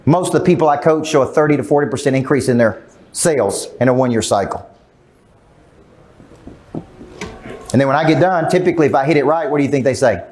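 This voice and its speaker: A man's voice: medium pitch, brisk, pauses often, darkish tone, slight background noise. A middle-aged man giving a live seminar as a sales coach, emphatic, quizzing the crowd and acting out quotes. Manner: emphatic, asks the crowd questions, acts out quotes. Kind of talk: live seminar talk to an audience. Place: large event room.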